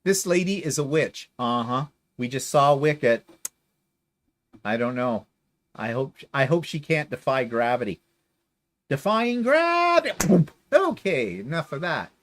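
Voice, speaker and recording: A man's voice: medium pitch, expressive, unhurried. A man hosting a quilting livestream, chatting casually and reading viewer comments in a sarcastic, theatrical way. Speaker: quilting channel host.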